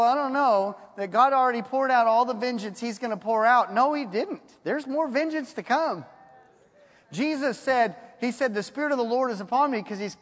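A man preaching a sermon in a folksy storytelling way, reading scripture slowly. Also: extremely high pitch, fairly bright tone, in a large hall.

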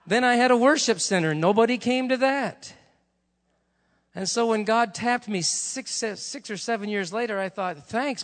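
Brief: male preacher, conversational storyteller, ringing bright tone, recorded with long hall reverb. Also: high-pitched. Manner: conversational storytelling, chatty asides. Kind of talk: sermon.

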